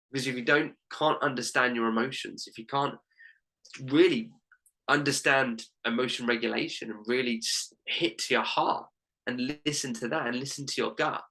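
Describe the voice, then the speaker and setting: A man's voice: medium pitch, sharp tone, poor audio. A young man, a life coach and podcast guest, telling a heartfelt personal story in an earnest way, full of "literally" and "like".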